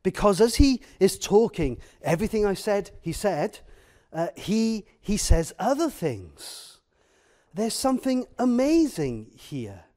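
A man delivering a sermon, earnest and emphatic, stopping often with fillers between phrases. His voice sits high for a man. He speaks slowly and lets each phrase land. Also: big pitch swings, mellow. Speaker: preacher.

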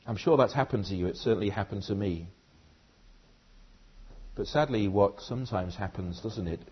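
A male preacher gives an earnest sermon, turning often to ask the congregation direct questions. His voice is husky and breathy. The recording sounds dull and lo-fi. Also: on the low side.

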